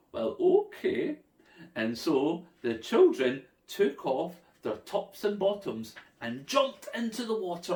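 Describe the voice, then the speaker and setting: A man telling a playful, animated story for children. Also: mid-range voice, far from the mic. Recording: echoey room.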